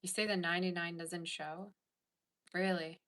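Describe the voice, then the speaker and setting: Bright-voiced woman chatting casually. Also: on the low side, fairly even intonation, normal speed, slight background noise. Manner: chatty, reads viewer comments aloud. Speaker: tarot reader and livestream host. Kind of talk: casual livestream chat.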